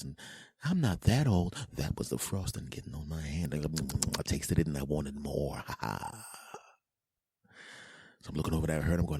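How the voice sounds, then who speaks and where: Deep husky man telling a comic story. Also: moderate pace, pauses often, no room sound. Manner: animated, self-mocking, acts out voices. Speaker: podcast host. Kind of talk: comedic storytelling monologue.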